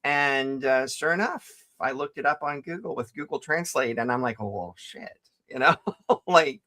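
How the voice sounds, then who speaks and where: A man's voice: medium pitch, normal speed, pushed and bright. An older man from the Ozarks with a Southern accent, hosting a casual, playful chat. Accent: Southern American (Ozarks). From Ozarks, USA. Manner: playful, chatty, laughs easily. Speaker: host.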